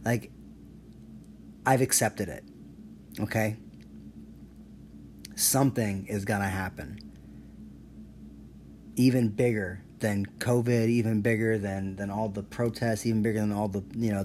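A man's voice: fairly low pitch, darkish tone, slight background noise. Rambling, profane male podcaster. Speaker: podcast host. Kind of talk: solo podcast rant.

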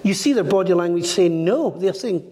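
A man's voice: high-pitched, lively intonation, brisk, a little mellow, a little hiss or hum. A middle-aged man working as a medium, telling a story in an interview and acting out the voices of the people in it. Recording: echoey room with long reverb.

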